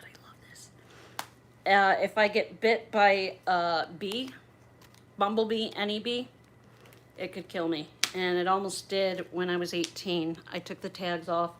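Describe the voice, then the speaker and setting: Medium in pitch, this middle-aged woman's voice carries a slight hiss or hum as she chats on a livestream. She opens gifts with gushing, bubbly enthusiasm and a slightly raunchy edge.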